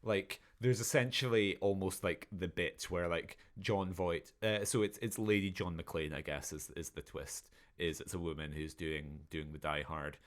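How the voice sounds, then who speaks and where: A man's voice: sits low, steady tone, moderate pace, hardly any pauses. A man co-hosting a podcast, chatting casually and rambling through a film review while laughing at his own jokes. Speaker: podcast co-host. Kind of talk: casual chat reviewing films.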